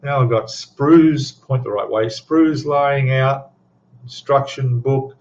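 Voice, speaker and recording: A man's voice: medium pitch, slow, a little mellow, highs cut off. A man hosting a live stream about scale models, chatting casually in a rambling, self-deprecating way with lots of ums and trailing asides. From Australia. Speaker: scale modeling livestream host. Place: home hobby room.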